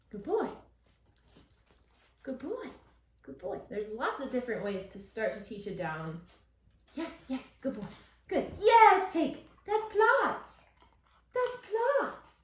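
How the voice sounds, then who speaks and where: A woman dog trainer explaining a puppy session, switching between calm explanation and high, bright praise for the dog. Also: slight background noise. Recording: echoey, from a distance.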